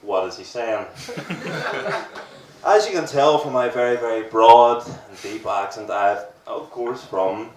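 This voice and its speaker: A man's voice: mid-range voice, measured pace, a little mellow. A Northern Irish man in his twenties doing a stand-up set, crude and self-mocking, with rambling asides. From Northern Ireland. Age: 20s. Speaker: stand-up comedian. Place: comedy venue with a live audience. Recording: roomy live audio, distant mic, crowd laughter. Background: audience laughter.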